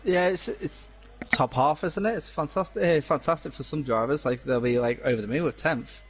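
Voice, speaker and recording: A man's voice: on the high side, normal speed, slightly rough. A man from Glasgow co-commentates a live sim-racing session in a slightly raised voice. He talks in hesitant bursts full of fillers and restarts. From Glasgow, Scotland. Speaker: race co-commentator.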